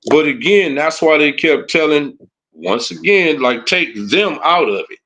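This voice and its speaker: Gravelly and sharp in tone, a man with a voice on the high side rants on a livestream without hurrying. He comments in a heated, taunting way, falling back on "you know what I'm saying" and "huh" repeatedly.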